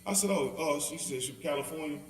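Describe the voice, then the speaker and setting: A Southern-accented man with a slightly high voice talks fast through a Bible study, and there's a little hiss or hum in the audio. The echoey church hall puts him far off as he jokes, laughs and animatedly acts out the people he quotes.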